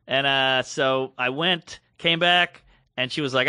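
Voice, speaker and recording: Clear and resonant at medium pitch, a male podcast co-host narrates a story at a measured pace during casual chat, animatedly acting out each quoted voice. The studio sound is clean, with no room sound.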